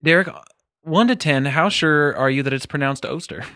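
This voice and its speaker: A man banters on a casual podcast with friends, swearing freely between jokes. His voice is bright and forward, recorded dry and close. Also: fairly high pitch, moderate pace, no echo. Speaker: podcast co-host. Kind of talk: casual chat.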